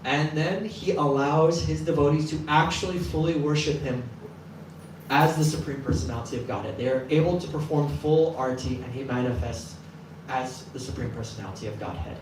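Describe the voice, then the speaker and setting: A man's voice: a little high, brisk, a little hiss or hum. A man giving a casual sermon to a live audience, telling a story and acting out the quoted voices of its people. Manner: lively, acts out quoted voices. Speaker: temple class speaker. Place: temple hall with live audience. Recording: echoey room from a distance, faint ambience.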